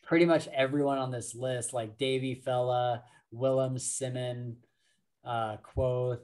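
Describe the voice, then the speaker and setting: A man's voice: mid-range voice, fairly even intonation, measured pace, a little mellow. A man co-hosting a podcast, talking casually about books with many fillers and frequent laughs. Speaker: podcast co-host. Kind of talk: casual book discussion.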